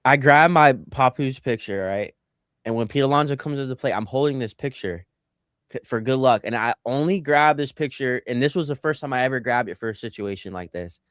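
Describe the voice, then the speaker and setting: A man's voice: medium pitch, a little fast, clear, resonant tone, no echo. Guy cohosting a sports podcast, jokey and worked up, dry sound. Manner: animated, jokey, reads out live comments. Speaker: podcast co-host. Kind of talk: casual sports podcast chat.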